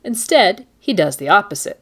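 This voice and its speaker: A woman's voice: medium pitch, big pitch swings, normal speed, slightly rough. A woman co-hosting a book and TV discussion, giving critical, analytical commentary. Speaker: co-host.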